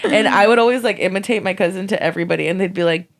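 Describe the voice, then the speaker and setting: A woman in her twenties telling stories in casual podcast chat, swearing freely and acting out the people she quotes. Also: very fast. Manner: animated, swears a lot, acts out quotes in loud high bursts. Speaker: podcast co-host.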